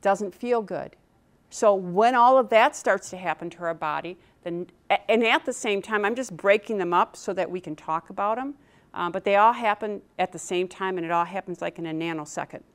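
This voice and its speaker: A woman's voice: mid-range voice, normal speed. A middle-aged woman giving a motivational talk on public speaking to a live audience, quizzing the room and acting out nervous inner voices. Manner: animated, asks the audience questions, acts out nervous inner voices.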